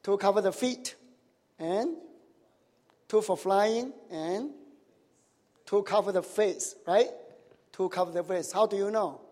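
A man's voice: sits high, takes it slowly, long pauses, darkish tone. A male pastor preaching to his congregation, asking them questions and tagging sentences with "right?" and "huh?", with nonnative grammar. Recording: long hall reverb.

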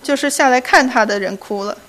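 A woman interpreting a sermon into Chinese, rendering each phrase right after the preacher finishes it. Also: fairly high pitch. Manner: quick, steady phrase-by-phrase rendering.

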